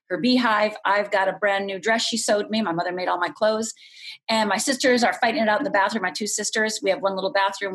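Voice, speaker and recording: A woman's voice: medium pitch, fairly bright tone. Candid middle-aged woman telling her story. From Upper Michigan, USA. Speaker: podcast guest. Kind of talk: personal storytelling.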